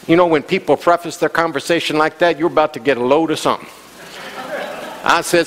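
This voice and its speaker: High-voiced preaching man in a big hall. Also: a little fast. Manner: preaching with call-and-response exclamations. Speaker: pastor. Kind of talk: sermon. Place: church sanctuary.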